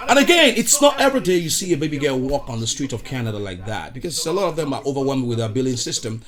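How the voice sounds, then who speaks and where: A man's voice: medium pitch, big pitch swings, quick pace. A Nigerian man hosting a podcast with a showy, exuberant intro, mixing in Pidgin. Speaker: podcast host. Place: recorded studio in Ottawa.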